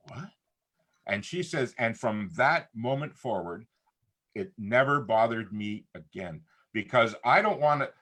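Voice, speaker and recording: Animated middle-aged man telling stories. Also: medium pitch, husky. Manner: animated storyteller who acts out quotes. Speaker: guest. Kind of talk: casual conversation on a talk show.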